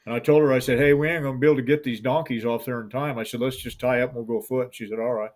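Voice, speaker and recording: A man's voice: medium pitch, fairly even intonation, very fast, a little mellow. A middle-aged man who guides hunts with hounds, telling a long story in an interview in a folksy, rambling way and acting out the voices of the people in it.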